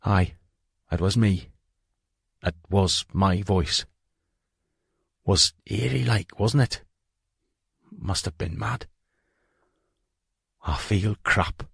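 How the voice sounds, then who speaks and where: A man voicing a remorseful middle-aged man with a Geordie accent, confessing to police in halting, rueful phrases. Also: sits low, vocal fry, fairly bright tone, breathy edge, no echo, studio quality, heavily acted. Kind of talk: audiobook reading.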